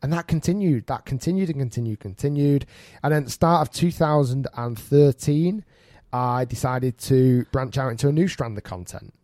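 Podcast host, thirties, animated and self-mocking storyteller, mellow tone, dry studio sound. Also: male voice, mid-range voice, normal speed, dry recording. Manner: animated, self-mocking, laughs through stories. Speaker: podcast host and golf coach. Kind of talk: casual storytelling chat.

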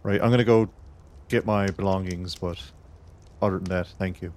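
A man's voice: low-pitched, fairly even intonation, moderate pace, darkish tone. A man playing a tabletop game in character, easygoing and chatty. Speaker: player.

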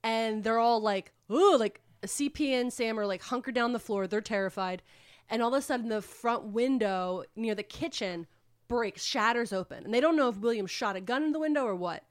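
A woman casually recapping a book plot on a podcast, rambling and animated, with swearing. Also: a little high, moderate pace, dry recording, clean studio sound. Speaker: podcast co-host retelling a book. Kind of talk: casual chat.

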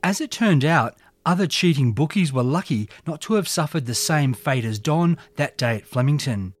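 A man's voice: a little high, expressive, moderate pace. A man narrating a true crime story from history in a dramatic, scripted storytelling style. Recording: faint music underneath.

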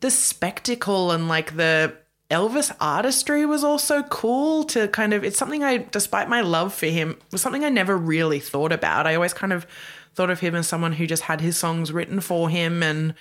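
A woman's voice: on the low side, moderate pace. A woman co-hosting a casual pop culture podcast, chatty and full of "like", laughing often. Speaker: podcast co-host.

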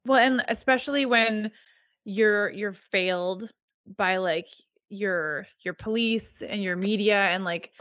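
A woman's voice: medium pitch, slow, fairly bright tone, dry recording, muffled recording. A woman co-hosting a casual podcast chat, ranting heatedly and swearing. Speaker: podcast co-host.

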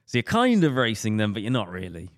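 A man's voice: on the low side, wildly swooping pitch, fast talker, no echo, studio quality. A man hosting a podcast, chatting casually and laughing easily. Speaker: podcast host.

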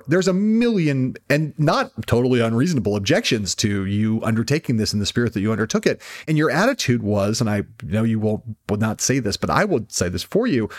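A man's voice: medium pitch, big pitch swings, fairly quick, hardly any pauses. A male host interviewing a guest, admiring and emphatic, building his points with repetition. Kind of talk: conversational interview.

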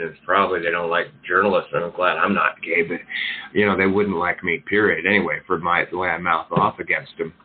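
Deep-voiced guy hosting talk radio, rambly with lots of uhs, sounds like it's over a phone line. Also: a little hiss or hum. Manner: rambling, many fillers and restarts. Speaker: radio show host. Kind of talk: casual talk radio commentary.

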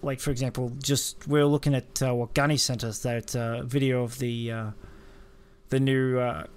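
A man's voice: medium pitch, little pitch movement, normal speed, darkish tone, clear, resonant tone. A man co-hosting a podcast in casual chat, rambling and breaking into playful gibberish sounds. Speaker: podcast co-host.

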